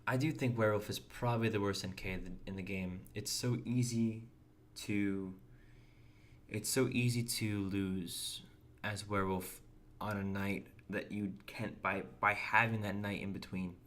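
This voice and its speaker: Young man, low voice, casual game stream chatter, faint room hum behind. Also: fairly even intonation, a little slow, fairly bright tone. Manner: chatty, reads and answers chat, restarts words. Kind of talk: casual gameplay commentary.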